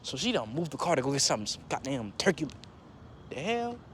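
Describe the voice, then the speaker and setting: A young man telling a casual story in a slangy, animated way, jumping into higher voices for quotes. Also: rapid-fire, a little hiss or hum.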